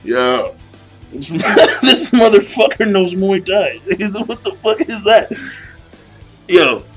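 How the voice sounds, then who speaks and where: A young man with a high, bright voice rants excitedly through a casual video review, piling on curses and slang. Faint music plays beneath his talk. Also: takes it slowly, breathy edge, low-quality recording. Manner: hyped, profane, slangy fanboy gushing. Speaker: manga chapter reviewer.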